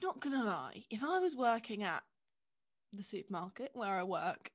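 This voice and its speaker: A woman's voice: medium pitch, sing-song, normal speed. A young woman co-hosting a casual chat, teasing and giggly, swearing now and then. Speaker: podcast co-host.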